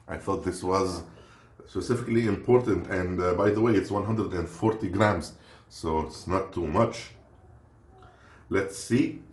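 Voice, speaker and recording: A man's voice: deep voice, unhurried. A man from Lebanon, rambling and joking through a casual snack review and stopping to hunt for words. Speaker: unboxing vlogger. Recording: roomy echo with faint noise.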